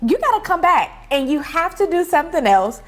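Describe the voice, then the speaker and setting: A woman hosting a cooking show, talking in an animated, effusive way and laughing often. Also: very high voice, a little fast. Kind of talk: casual cooking show chat.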